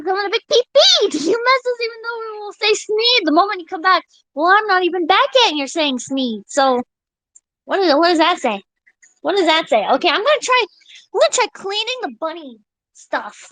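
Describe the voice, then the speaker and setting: A young woman live streamer chatting casually with her viewers, excitable and giggly, swearing freely. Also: extremely high pitch, moderate pace, no room sound, poor audio.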